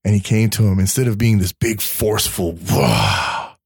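A man telling a story in a casual faith podcast chat, animated, restarting words and laughing often. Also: lowish voice, a little fast, breathy edge, no echo, studio quality.

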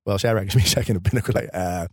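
Male co-host, faith podcast; animated preacher-like storytelling, quick delivery, dry sound. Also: fairly low pitch, slightly rough, no room sound.

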